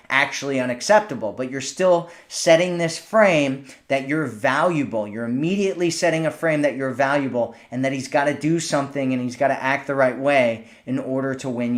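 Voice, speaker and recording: A man of medium pitch talks through dating advice in a loose, conversational way. He repeats and restarts phrases as he goes, and acts out sample lines in a playful tone. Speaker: dating coach. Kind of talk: casual advice monologue.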